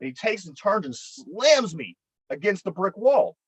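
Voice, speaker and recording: A man's voice: high voice, sing-song, measured pace, husky, no echo, rough recording. A man with a Pittsburgh accent, co-hosting a podcast and telling a long story in a rambling, profane way, often repeating his words. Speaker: podcast co-host. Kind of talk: casual storytelling chat.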